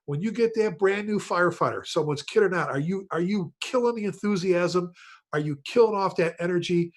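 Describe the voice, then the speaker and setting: A man's voice: sits high, a little fast. A man hosting a casual online panel chat on a video call, telling stories and addressing the panelists by name. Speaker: host, retired fire chief.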